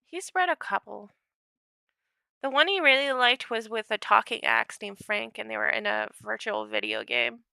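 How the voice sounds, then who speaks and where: A woman's voice: on the high side, sing-song, normal speed, gravelly, pushed and bright, dry recording. A woman writer casually chatting during a writing livestream, talking in a chatty way with many fillers. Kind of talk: casual chat while writing.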